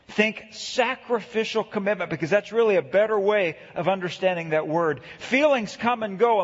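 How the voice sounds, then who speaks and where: A middle-aged man preaching a sermon, earnest, slowing down to read scripture and building emphasis. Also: high voice. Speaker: pastor. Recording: echoey hall, dull lo-fi sound.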